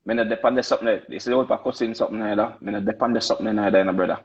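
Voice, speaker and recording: A man's voice: on the low side, steady tone, rapid-fire, breathy edge, muffled recording. A man with a Jamaican accent in casual podcast debate, emphatic and repetitive, lecturing his co-hosts. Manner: emphatic, repeats himself, lectures. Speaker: podcast co-host.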